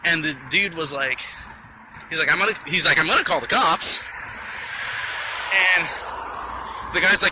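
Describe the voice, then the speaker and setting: A young man telling a story from work in a rambling, profane, animated way, outdoors at night. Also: fairly high pitch, normal speed, long pauses, background noise. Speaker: vlogger. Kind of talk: casual storytelling.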